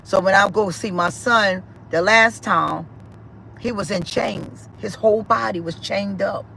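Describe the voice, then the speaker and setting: A woman's voice: medium pitch, measured pace, gravelly, pushed and bright, slight background noise, low-quality recording. A middle-aged woman, giving a personal spiritual testimony in an emphatic, repetitive, emotional way. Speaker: spiritual speaker.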